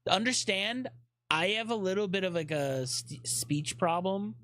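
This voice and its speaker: A man's voice: high voice, expressive, unhurried, a bit bright. A man chatting casually on a live stream, rambling with lots of fillers, swearing often and fidgeting restlessly.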